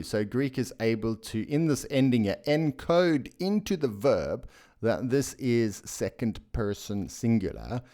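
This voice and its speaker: A man with a lowish voice teaching scripture at a slow, unhurried pace. He walks through the grammar of a Greek sentence diagram step by step, often restarting phrases and adding fillers, with an enthusiastic tone. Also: darkish tone. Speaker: bible teacher.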